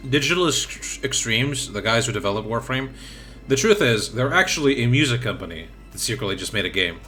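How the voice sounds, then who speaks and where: A man hosting a game stream, talking excitably and rambling with frequent laughs. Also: medium pitch, brisk, soft background music. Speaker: streamer host. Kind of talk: casual game-stream chat.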